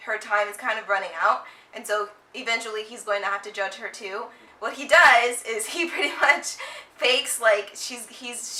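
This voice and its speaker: Bright young woman in an echoey room. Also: a little high. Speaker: co-host. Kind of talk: casual chat.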